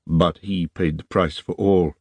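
A man voicing a grave, desperate old lord with a withered hand, speaking in a hushed, intense way. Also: low voice, fairly even intonation, measured pace, husky, dry recording. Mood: solemn.

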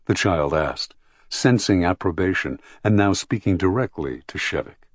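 A man narrating an audiobook in a measured, even storytelling manner. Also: low voice, no room sound, studio quality. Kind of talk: scripted narration.

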